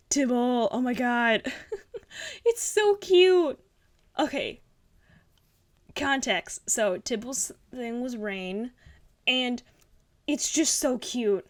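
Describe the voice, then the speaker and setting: Young female art vlogger, bubbly and rambling, slightly high voice, casual critique delivery. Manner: bubbly, gushing, rambling with fillers. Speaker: art channel host.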